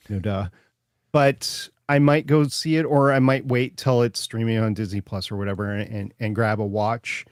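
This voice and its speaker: A man's voice: on the low side, steady tone, moderate pace, no echo, clean studio sound. A man from Minnesota hosting a casual podcast chat, talking in a loose, rambling way with frequent restarts. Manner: chatty, rambling with repeated starts. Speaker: podcast host.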